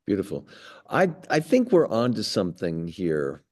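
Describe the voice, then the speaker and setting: A man hosting a community conversation as rabbi, speaking haltingly and repeating words as he forms his questions. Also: low-pitched, wildly swooping pitch, darkish tone. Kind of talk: conversational discussion.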